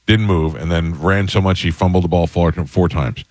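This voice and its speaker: A middle-aged man with a very low voice, chatting as host of a talk show. He tells stories in easygoing banter, now and then jumping up into high, incredulous retorts. The sound is close and dry, with no room around it. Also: fairly even intonation, moderate pace, dry recording. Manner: storytelling, jumps into high-pitched retorts. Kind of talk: casual banter.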